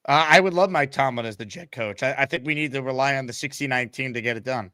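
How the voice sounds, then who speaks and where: A man's voice: medium pitch, quick pace, bright, forceful tone, dry recording, clean studio sound. A man hosting a call-in sports talk show, talking in a sarcastic, exasperated ranting way.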